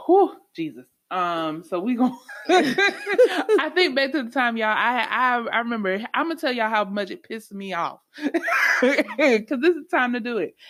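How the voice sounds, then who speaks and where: A woman's voice: medium pitch, a bit bright, dry recording, clean studio sound. A woman hosting a faith-based podcast, talking emphatically and telling stories with animation. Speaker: podcast host.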